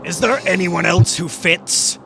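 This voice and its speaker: A man voicing a cold, calculating young male student in a fan dub, speaking in a measured, lecturing way. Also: high voice, creaky, background noise.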